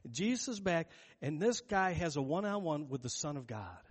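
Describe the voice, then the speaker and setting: In a large hall with long reverb, a male pastor preaches a sermon in a casual, conversational style. His voice is a little high and sing-song with a breathy edge, moving at a moderate pace as he retells a story and acts out its characters' quotes.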